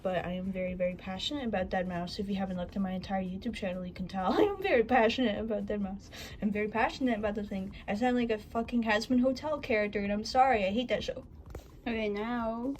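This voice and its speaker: A woman's voice: medium pitch, darkish tone, slight background noise, poor audio. A woman vlogging casually about her collection, rambling and laughing as she tells a story.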